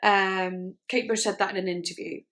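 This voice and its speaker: A woman's voice: medium pitch, steady tone, moderate pace, fairly bright tone. A woman giving casual reaction commentary on songs, gushing and enthusiastic as she talks. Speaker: music reaction vlogger.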